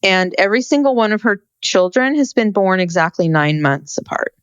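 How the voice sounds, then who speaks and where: A woman on a podcast speaking bluntly, with worry in her voice. Her pitch sits in the middle range. The recording is dry and close. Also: animated, moderate pace, smooth, no echo, lo-fi sound. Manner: blunt, exasperated, concerned. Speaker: podcast co-host. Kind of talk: casual podcast chat.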